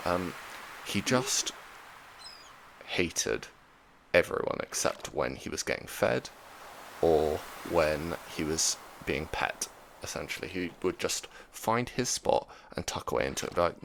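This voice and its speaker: A man hosting a gaming channel, telling rambling, chatty stories with plenty of fillers in relaxed commentary meant for sleep. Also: low-pitched, a little slow, vocal fry, background noise. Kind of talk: relaxed commentary over gameplay, made for sleep. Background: music.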